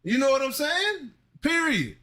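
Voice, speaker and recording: Man, forties, high voice, co-host, casual sports banter, animated. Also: unhurried. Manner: animated, drawling, repeats himself. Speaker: podcast co-host.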